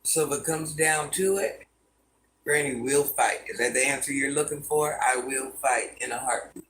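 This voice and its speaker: A woman's voice: a bass voice, moderate pace, fairly bright tone, a little hiss or hum. A woman in her fifties hosting a livestream from home, reading her viewers' comments aloud and answering each one in an easygoing way. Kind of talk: casual live-stream chat.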